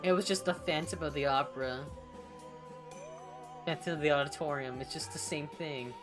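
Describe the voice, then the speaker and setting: A young woman from California, a streamer chatting casually while reading along, blunt and profane and quick to laugh. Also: deep voice, over music. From California, United States.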